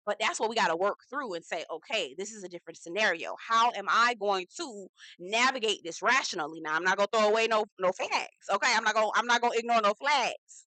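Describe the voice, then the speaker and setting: A woman hosting a casual reality TV recap, talking in a sassy, profane, animated way and acting out the quotes herself. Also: mid-range voice, no room sound, poor audio.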